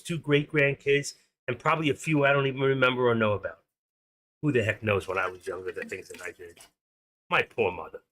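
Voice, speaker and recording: A man in his sixties hosts a live stream, chatting loosely and with strong opinions in a clear, bright, forceful voice of medium pitch. His rambling talk jumps from personal stories to market numbers.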